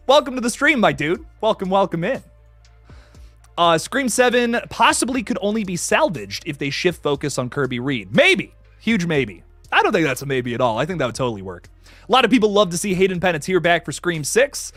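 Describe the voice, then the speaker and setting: A man's voice: a little high, big pitch swings, fast, a bit bright, no echo, soft background music. A young man hosting a casual live stream, greeting chatters with hype and swearing casually. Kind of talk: casual live stream chat, reading comments.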